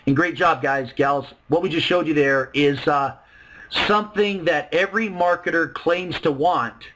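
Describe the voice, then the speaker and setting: Upbeat male webinar presenter, high and bright, hard-selling. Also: low-quality recording. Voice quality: excitable, salesy, acts out quoted voices. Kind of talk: sales pitch on a webinar.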